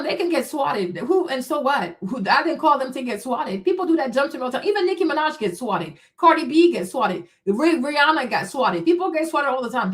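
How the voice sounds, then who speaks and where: A woman with a high-pitched voice hosts a live stream, reacting to chat comments. She talks in a combative, mocking tone, throwing rhetorical questions and answering them herself. Her speech is heavy with profanity and scorn. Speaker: streamer host.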